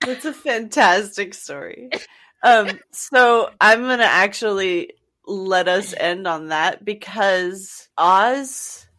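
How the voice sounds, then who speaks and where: A woman hosting a podcast, reacting warmly to a story and then reading the show's outro and support plugs. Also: medium pitch, takes it slowly. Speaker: podcast host. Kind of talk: casual chat and show outro.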